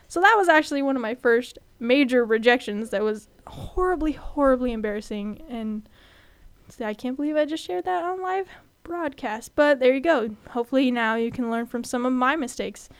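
A chatty young woman from California, in her 20s, tells candid personal stories on her student podcast and grows animated while retelling them. She has a high voice, speaks at normal speed, and sounds clean in a dry recording.

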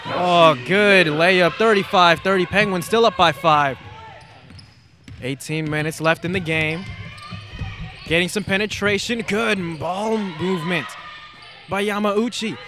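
A man calling live basketball play-by-play, excitable and rising to shouts on big plays. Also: high voice, unhurried, pauses often. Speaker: play-by-play announcer.

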